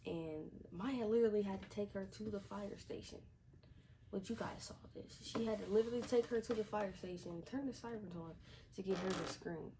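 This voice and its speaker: A woman's voice: medium pitch, a little fast, noisy background. A woman reviewing a TV episode in a casual vlog, chatty, repeating herself with lots of fillers. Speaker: TV show reviewer.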